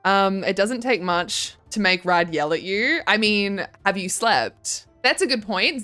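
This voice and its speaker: Casting: young woman streamer, chatty and giggly, mid-pitch, faint music underneath. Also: lively intonation, unhurried, few pauses, bright, forceful tone. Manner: chatty, giggly, reads chat aloud. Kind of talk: casual livestream chat. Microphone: desk microphone.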